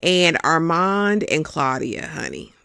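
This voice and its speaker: Chatty show host, expressive casual recap, mid-pitched voice, dry close sound. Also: takes it slowly, creaky, clean tone, dry recording. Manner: chatty and expressive, calls listeners honey.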